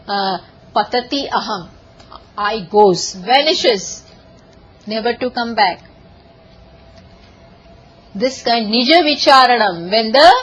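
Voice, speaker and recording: A woman giving a lively scripture lecture, telling stories and often laughing. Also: high-pitched, breathy edge, muffled recording. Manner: animated storytelling, often laughing. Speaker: spiritual teacher.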